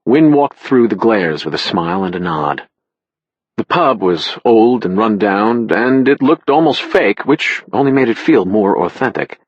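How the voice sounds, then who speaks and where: A man narrating an audiobook in the first person with a wry, expressive delivery. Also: on the low side, measured pace, husky, no echo, lo-fi sound.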